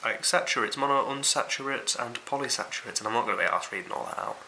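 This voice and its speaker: A man's voice: medium pitch, fast talker, bright, forceful tone, a little hiss or hum, poor audio. A young man with a Yorkshire accent giving a casual, rambling and sweary food review to camera. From Yorkshire, England.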